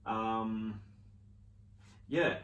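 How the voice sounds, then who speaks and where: A man giving a relaxed piano lesson, explaining casually with fillers and sometimes singing rhythms in syllables. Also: lowish voice, very slow, dull audio. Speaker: piano teacher. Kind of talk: relaxed spoken piano tutorial. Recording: roomy sound with loud piano. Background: piano playing.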